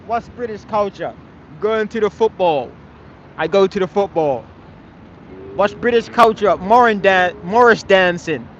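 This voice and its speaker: Man, high voice, outdoor street debater, emphatic, swears, faint traffic behind. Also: muffled recording. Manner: emphatic, repeatedly asks "you understand, man?"; swears casually. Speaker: street speaker at a public speaking corner. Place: outdoors in a London park.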